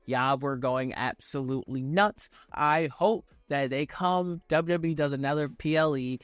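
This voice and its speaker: A man's voice: fairly high pitch, measured pace, a bit bright, clear, resonant tone, no room sound. A young man giving a casual, profane, slang-filled review of a wrestling event as the channel's host.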